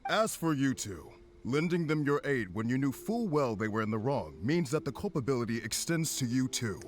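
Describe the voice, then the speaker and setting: A man's voice: medium pitch, big pitch swings, moderate pace, close to an everyday voice. An actor playing a formal, stern male law official in a video game.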